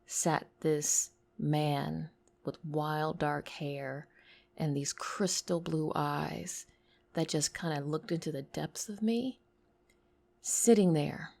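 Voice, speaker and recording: A woman's low, creaky voice moves slowly through a personal story, and she speaks with a lisp. Intimate and tearful, she alternates between whispers and louder outbursts.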